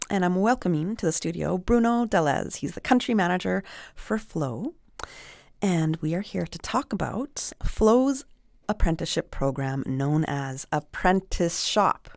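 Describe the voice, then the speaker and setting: Woman, gravelly low voice, chatty radio host, dry studio. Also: a little mellow, no room sound. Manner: chatty, giggly, stumbles over words. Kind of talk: radio interview.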